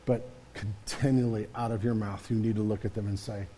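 A man's voice: on the low side, flat delivery, brisk, dark tone, a little hiss or hum. A man preaching a sermon to his congregation in a conversational way, often repeating words and throwing in "man" as he talks. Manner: repeats words and restarts mid-sentence. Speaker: pastor.

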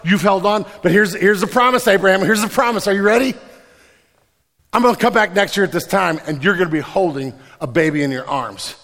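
Man doing God, emphatic and reassuring, slightly high, reverberant hall. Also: a little fast, fairly bright tone. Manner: emphatic, repeats promises. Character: booming reassuring male God making promises.

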